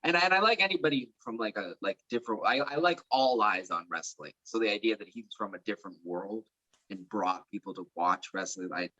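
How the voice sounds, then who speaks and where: A young man chatting as an interview guest, rambling and filling pauses with "like" and "um". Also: lowish voice, animated, pushed and bright, dry recording, dull audio. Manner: rambling, heavy use of fillers like "like" and "um". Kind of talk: casual chat.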